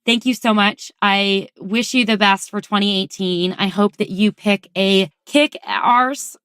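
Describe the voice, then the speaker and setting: A bubbly woman hosts her solo podcast, chatting warmly and effusively with little echo on the close, dry recording. Her voice sits at a middle pitch, and her talk runs loose and upbeat. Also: measured pace, clear, resonant tone. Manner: bubbly and effusive, laughing often. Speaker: podcast host.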